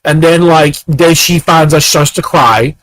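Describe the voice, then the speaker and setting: A man host delivering an angry, profane, rapid ranting monologue. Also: fairly high pitch, a bit bright, rough recording.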